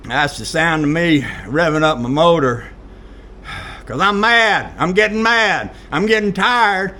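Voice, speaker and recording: A man's voice: on the high side, lively intonation, a little slow, sharp tone. A man ranting in a folksy, exasperated monologue straight to camera. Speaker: vlogger.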